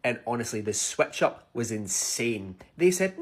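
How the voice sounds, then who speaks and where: A Scottish man from Scotland telling casual, animated stories to the camera, swearing freely and full of cheeky banter. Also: mid-range voice, normal speed, few pauses. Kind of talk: casual storytime vlog.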